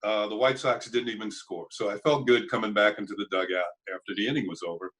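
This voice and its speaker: An older man, a former ballplayer, telling relaxed anecdotes with chuckles in an interview. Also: lowish voice, fast, rough recording. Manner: chuckling anecdotes, acts out quoted voices. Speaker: former ballplayer and broadcaster, guest. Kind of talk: casual storytelling interview.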